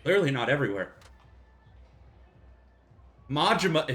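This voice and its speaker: A man's voice: medium pitch, unhurried, pauses often, a bit bright. A man casually commenting while playing a video game on a live stream, joking, laughing often and swearing freely.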